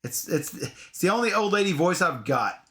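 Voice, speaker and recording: A man co-hosting a casual board game playthrough, animated and chatty, reading cards aloud. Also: high-pitched, moderate pace. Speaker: co-host of board game videos.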